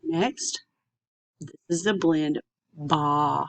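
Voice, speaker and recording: Give me a woman with a lowish voice sounding out letters for young children in a phonics lesson. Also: dry recording. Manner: slow, stretched-out sounding of letters. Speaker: teacher.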